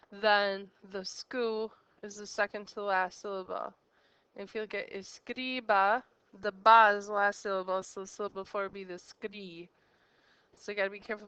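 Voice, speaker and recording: A woman's voice: mid-range voice, sharp tone, clean tone, dry recording. A woman as a teacher giving a recorded grammar lesson, explaining step by step and quizzing the listener with questions. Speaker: Spanish teacher.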